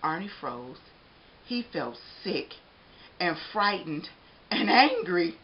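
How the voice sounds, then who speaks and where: A woman reading a picture book aloud in an expressive, animated way. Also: lowish voice, slow, a little hiss or hum. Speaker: storybook reader. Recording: dull lo-fi recording.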